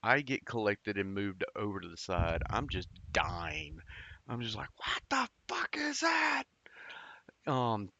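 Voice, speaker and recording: A man's voice: low voice, sharp tone, no echo, highs cut off. A man casually telling a personal story, rambling and profane, with lots of fillers and restarts.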